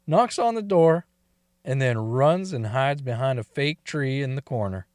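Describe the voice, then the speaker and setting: A man's voice: medium pitch, animated, slow, darkish tone, dry recording, studio quality. A man telling a crude first-person story, swearing and laughing often. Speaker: story reader.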